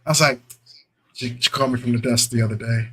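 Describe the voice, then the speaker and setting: Bright-voiced animated male podcast host. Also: mid-range voice, fast talker. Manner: animated storyteller, acts out voices, swears. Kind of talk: casual chat, storytelling.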